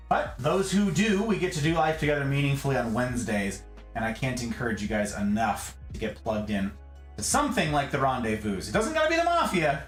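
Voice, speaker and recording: Young male streamer, jokey and animated, voice bouncing around an echoey room. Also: a little high. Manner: playful, jokey, greets chat by name. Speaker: livestream host. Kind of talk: casual livestream chat while doing chores. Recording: echoey room with music underneath.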